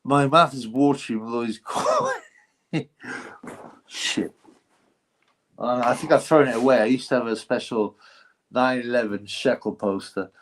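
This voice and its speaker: A man's voice: mid-range voice, unhurried, long pauses. Rambling man streaming live. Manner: rambling, slangy, swears freely, lots of fillers. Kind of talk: casual live-stream chat reading donations.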